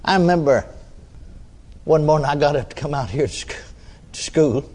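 A man's voice: on the high side, expressive, moderate pace, a little mellow. A man preaching a storytelling sermon in a folksy, chatty way, with chuckling asides and frequent "you see" tags. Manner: many restarts and filler tags like "you see".

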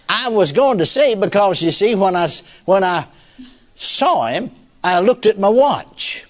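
Older preacher, high-pitched, folksy storyteller who chuckles a lot. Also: male voice, sing-song, unhurried. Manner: folksy, chuckling often, fillers like "you see". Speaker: pastor. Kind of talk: sermon storytelling.

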